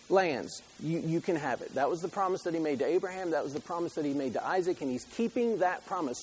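A man's voice: a little high, animated, fast talker, hardly any pauses, darkish tone, breathy edge, rough recording. A middle-aged man preaching a sermon in a conversational, joking way, full of rhetorical questions. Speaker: pastor.

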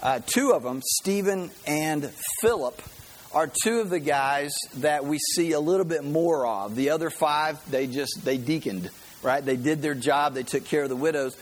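A man's voice: a little high, moderate pace, slight background noise, low-quality recording. A man preaching a sermon, telling stories in a conversational way and often checking in with "right?". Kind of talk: sermon with a storytelling lesson.

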